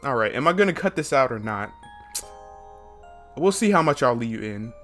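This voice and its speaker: Excitable male gamer reading aloud. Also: mid-range voice, normal speed, soft background music. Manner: excitable, laughing asides. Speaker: gaming YouTuber. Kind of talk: reading a dating game aloud with commentary.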